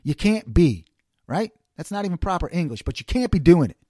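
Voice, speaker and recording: A man's voice: fairly high pitch, very animated, fairly quick, dark tone, no room sound, clean studio sound. A man hosting an opinionated solo commentary, ranting and firing off rhetorical questions. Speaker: host.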